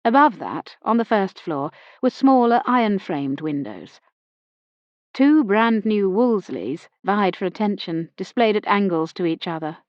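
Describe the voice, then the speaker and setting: A woman reading a first-person mystery novel aloud in a measured, wry storytelling voice. Her pitch sits in the middle, and the recording is dry and a little dull. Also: no echo. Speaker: audiobook narrator. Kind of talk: first-person audiobook narration of a period mystery.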